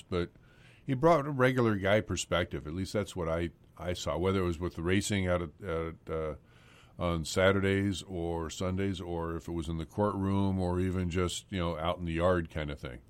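Deep-voiced male radio host. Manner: halting, many fillers and restarts. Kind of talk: casual radio interview.

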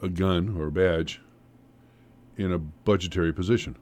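A deep-voiced man hosts a local radio talk segment from the studio, chatty and joking, steering his guest with quick follow-up questions. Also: steady tone, a little mellow. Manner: jokey, chatty, laughs often. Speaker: radio host. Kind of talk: casual radio interview.

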